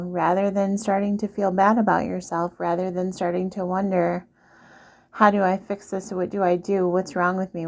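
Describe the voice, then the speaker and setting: A woman's voice: on the low side, gravelly, darkish tone. A woman speaking earnestly and directly to the listener in a casual advice monologue, repeating her points. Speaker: vlogger giving relationship advice.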